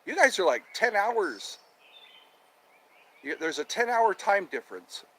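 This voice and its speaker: A cheerful man chats with viewers on a live stream from outdoors, often repeating his lines. His voice sits a bit high and swings widely, and he talks slowly. Birdsong and faint outdoor noise run behind him. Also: very animated, bright, forceful tone. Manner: cheerful, chatty, repeats himself. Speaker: livestream host. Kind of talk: casual live chat with viewers. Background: birds chirping.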